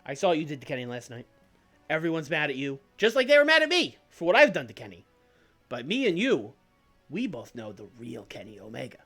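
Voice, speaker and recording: A man voicing a scheming, smooth-talking male wrestling manager with a fast, wheedling delivery. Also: fairly high pitch, wildly swooping pitch, fairly bright tone, faint music behind, pitched above the performer's own voice, exaggerated voice.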